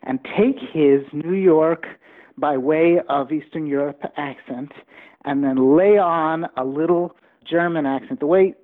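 A man's voice: a little high, a little slow. A man being interviewed as an author, telling anecdotes with enthusiasm. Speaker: author guest. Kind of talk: storytelling interview talk. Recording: phone-like remote line.

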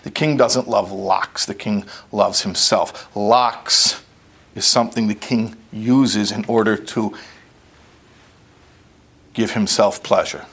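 A man giving a conversational lecture, telling a parable in an animated, plain-spoken way. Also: on the low side, takes it slowly, vocal fry, husky. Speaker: speaker. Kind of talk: storytelling lecture.

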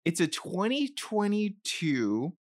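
A man's voice: high-pitched, very animated, takes it slowly. A young man co-hosting a casual podcast, talking eagerly and enthusiastically about films. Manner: eager, enthusiastic film talk. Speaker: podcast co-host.

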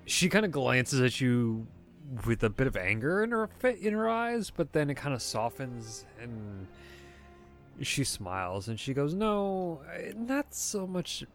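A man narrating a tabletop role-playing game as game master in a relaxed, laid-back way. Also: medium pitch, unhurried, soft background music.

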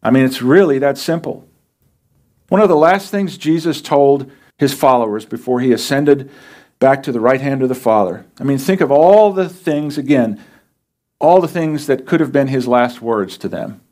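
Guy preaching a sermon, easygoing, talks right to the congregation, middle-pitched voice. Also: expressive, normal speed, darkish tone. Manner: plain, conversational preaching with rhetorical questions. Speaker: pastor.

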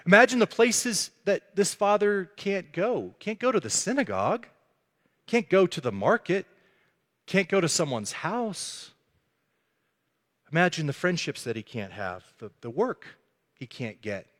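A man's voice: high voice, sing-song, unhurried, fairly bright tone. A man preaching a sermon as a pastor, telling the story earnestly and acting out the quotes. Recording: echoey hall.

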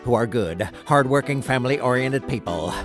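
Guy voicing a calm earnest believer, plain mid voice, comedy promo with music playing. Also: medium pitch, moderate pace, natural voice. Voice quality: steady, earnest. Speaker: announcer in a radio promo. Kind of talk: comedic radio promo acting. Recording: music bed under voice.

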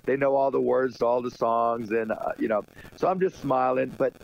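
A man's voice: medium pitch, fairly even intonation, normal speed, gravelly. Rambling man on a lo-fi line. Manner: rambling, laughing storyteller full of "you know". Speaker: guest. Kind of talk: casual radio interview chat. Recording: dull lo-fi sound.

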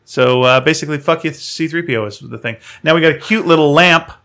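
A man's voice: fairly high pitch, quick pace, vocal fry, a bit bright. A man co-hosting a podcast, recapping a film in a rambling, sarcastic way with mocking asides. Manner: sarcastic, rambling storytelling with mock quotes. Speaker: podcast co-host. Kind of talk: casual film-recap chat.

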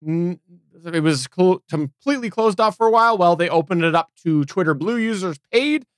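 A man's voice: high voice, animated, normal speed, dry recording, studio quality. A man co-hosting a geek news podcast, talking casually and often restarting his phrases. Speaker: podcast co-host. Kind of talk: casual chat.

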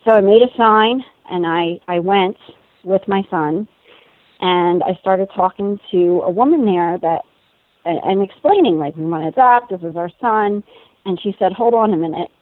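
A woman in her thirties tells a personal story in lively conversation, laughing and acting out what others said. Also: medium pitch, moderate pace, dry recording. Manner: animated, laughing, acts out quoted voices. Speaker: guest telling a personal story. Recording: tinny phone-like sound.

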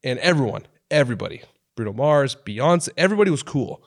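This Oregon man in his thirties is a lively podcast storyteller, chatting casually and voicing each quoted person differently. His voice sits mid-range and he speaks quickly.

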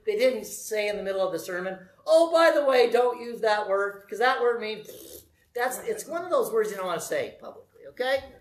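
A high-pitched male pastor delivers a sermon in a lively, conversational style. He is animated and frequently puts questions to the congregation.

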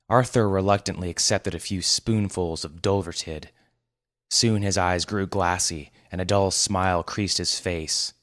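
A man hosting and narrating a fiction podcast in a wry, deadpan manner. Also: deep voice, unhurried, no echo, clean studio sound. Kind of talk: scripted narration.

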